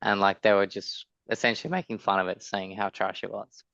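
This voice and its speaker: Laid-back man with a smooth voice. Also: lowish voice, fairly even intonation, fairly quick, fairly bright tone, no room sound, muffled recording. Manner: laid-back, filler-heavy, lots of "like" and laughs. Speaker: podcast co-host. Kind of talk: casual chat.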